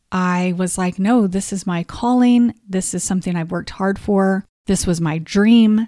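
A woman's voice: mid-range voice, darkish tone, dry recording, studio quality. A woman hosting a podcast, telling a personal story in a heartfelt, confessional way, at times openly emotional. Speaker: podcast host.

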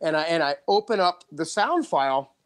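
A man hosting a podcast, telling a story in casual chat, excited, with frequent restarts and laughs. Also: a little high, normal speed. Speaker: podcast host.

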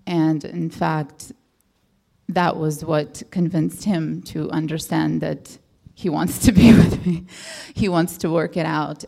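A woman's voice: low-pitched, fairly even intonation, takes it slowly, gravelly, dark tone. A woman from the audience sharing a personal story at a question session, hesitant and rambling, with many fillers and restarts. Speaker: audience member asking a question.

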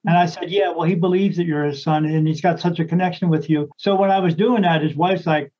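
A man's voice: fairly high pitch, fairly even intonation, fast, dull audio. A man, a psychic medium, chatting casually and telling a long story in a rambling way, with lots of restarts and acted-out quotes.

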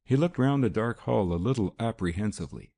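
A man reads a classic novel aloud in a steady, measured way. His voice is very deep and gravelly, with a dark, mellow tone. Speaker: audiobook narrator. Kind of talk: scripted narration.

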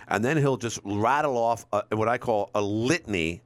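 A man hosting a talk radio show, chatting casually with callers in an animated, rambling way with frequent restarts. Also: lowish voice, moderate pace, no echo. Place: radio studio. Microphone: studio microphone.

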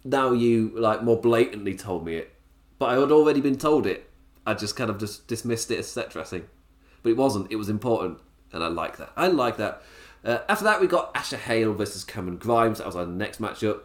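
A man reviewing a wrestling show in a casual solo podcast, chatty, enthusiastic and quick to laugh. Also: on the low side, lively intonation. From England.

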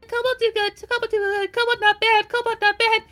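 A man's voice: extremely high pitch, little pitch movement, brisk, sharp tone, soft background music, pitched above the performer's own voice. A man voicing a timid little creature who talks about itself in broken third person. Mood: chanting.

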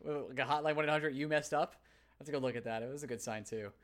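A man co-hosting a casual sports podcast with a relaxed, agreeable manner. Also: medium pitch, fast. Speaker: podcast co-host.

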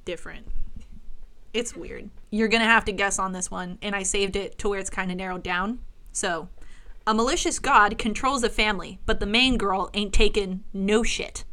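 A woman's voice: medium pitch, moderate pace, bright, forceful tone. A woman co-hosting a podcast in casual chat, blunt and easygoing. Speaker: podcast co-host.

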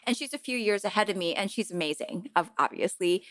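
A woman's voice: medium pitch, fast talker, no echo. A woman from New York City, a company founder guesting on a podcast, telling stories in casual chat and acting out what others said. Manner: animated storyteller, acts out others' lines.

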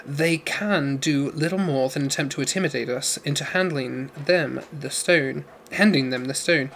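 A man reading a young woman character in an audiobook, hushed, slow and careful, with a slightly raised pitch. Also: vocal fry, slight background noise. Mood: urgent. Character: earnest young woman diamond courier, urgent.

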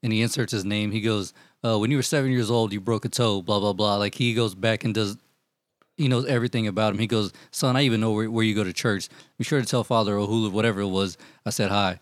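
A man telling profane, animated stories in casual chat with friends, acting out what people said. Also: lowish voice, quick pace, dry recording. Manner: profane, animated storytelling, acts out quotes. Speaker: storyteller among friends.

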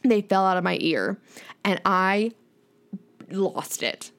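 A young woman chats as a podcast guest, spinning a long, animated anecdote. She rambles and leans on "like" constantly, with a middle-pitched, everyday voice. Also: takes it slowly. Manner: animated, rambling, heavy use of "like". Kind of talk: casual chat, storytelling.

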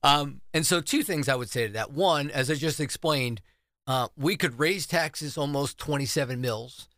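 Give me a middle-aged school superintendent from New Jersey, talking through numbers on talk radio with a bright, dry studio voice. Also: male voice, mid-range voice, normal speed, no echo. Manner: earnest, explains with figures and numbers. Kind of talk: radio interview answers.

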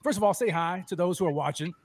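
Excitable man hosting a sports show. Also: sits high, dry recording. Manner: excitable, repeats words in rapid restarts. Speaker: host. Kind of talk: casual sports fan show chat.

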